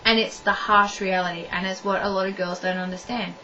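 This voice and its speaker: A woman's voice: mid-range voice, fairly even intonation, brisk, sharp tone. A young woman giving blunt relationship advice straight to camera, stressing her points by repeating them. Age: young adult. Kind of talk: direct-to-camera advice monologue. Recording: dull lo-fi audio from a distance with faint noise.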